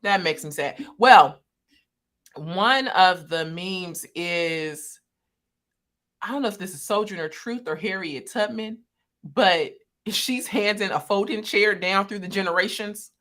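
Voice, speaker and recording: A woman co-hosting a casual livestream discussion, animated and laughing often. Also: medium pitch, slow. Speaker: co-host. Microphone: video call.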